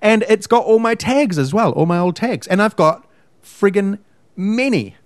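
A man's voice: high voice, animated, normal speed, no room sound. Man, podcast co-host, emphatic pedantic ranter, dry recording. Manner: ranting, emphatic, pedantic about words. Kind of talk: casual chat.

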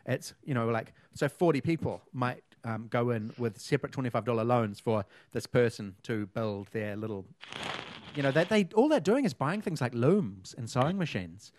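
Brief: New male co-host, rambling casual talker, mid pitch. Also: expressive, normal speed, a little mellow, no room sound. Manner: rambling, many fillers and restarts. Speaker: podcast co-host. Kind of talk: casual chat.

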